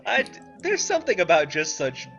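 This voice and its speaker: A man talks through an old adventure game in a bright, lively voice that rises and falls a lot. He is wry and chatty, pausing on fillers as he explains things. Faint game music plays underneath. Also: sits high. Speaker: let's play co-host. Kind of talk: casual gameplay commentary.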